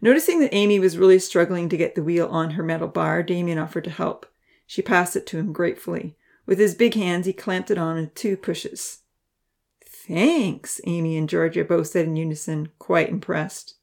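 A woman reading a children's chapter book aloud with steady, expressive narration. Her voice sits low with a noticeable gravelly fry. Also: a little fast. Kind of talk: storybook narration.

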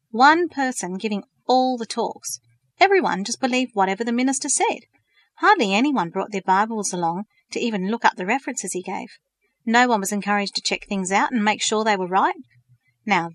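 A woman's voice: mid-range voice, a bit bright, no echo, clean studio sound. A woman voicing an earnest, thoughtful teenage girl in a storybook reading, asking pointed questions.

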